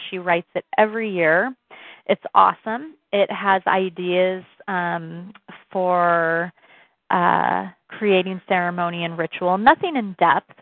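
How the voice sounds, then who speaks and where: A woman leads a new moon gathering on a group call and talks in a loose, chatty way. Her voice sits a little low and comes through a dry, tinny phone line. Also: dry recording. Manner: chatty, rambling, with fillers and laughs.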